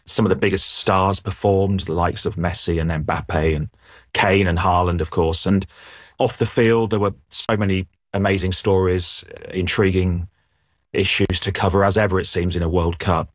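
A man, a sports editor, giving measured, thoughtful answers in a news interview, often restarting his sentences. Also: low-pitched, steady tone, no room sound, clean studio sound.

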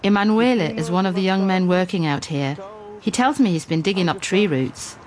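A woman reporter and presenter narrating a scripted radio documentary in a measured, clear way. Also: on the low side, noisy background.

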